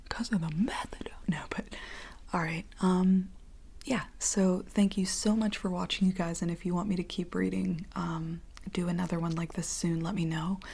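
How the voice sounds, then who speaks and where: A woman ASMR host reading a script aloud in soft whispered role-play on a binaural mic, with casual chatty asides. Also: lowish voice, steady tone, normal speed, creaky, breathy edge.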